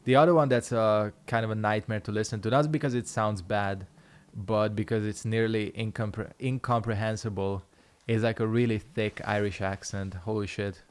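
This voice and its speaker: A man's voice: lowish voice, steady tone, moderate pace, hardly any pauses, smooth. A man chatting casually while streaming a game, rambling and swearing freely. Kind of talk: casual gameplay commentary.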